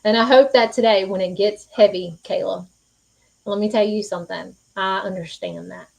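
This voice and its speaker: A woman's voice: medium pitch, animated, normal speed, vocal fry, darkish tone, low-quality recording. A woman hosting a live-stream psychic reading, earnest and reassuring, speaking folksy with many fillers. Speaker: psychic medium host.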